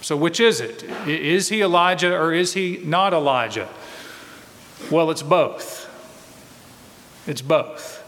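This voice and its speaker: Guy preaching a bible study sermon, kinda high voice, big echoey church sound, asks lots of questions. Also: takes it slowly, pauses often, fairly bright tone, slight background noise. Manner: conversational teaching with rhetorical questions. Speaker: pastor. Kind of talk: expository sermon.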